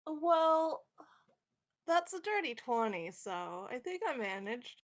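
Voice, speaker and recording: A woman's voice: high voice, very animated, takes it slowly. A woman player at a tabletop game, eager and giggly. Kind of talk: casual tabletop play.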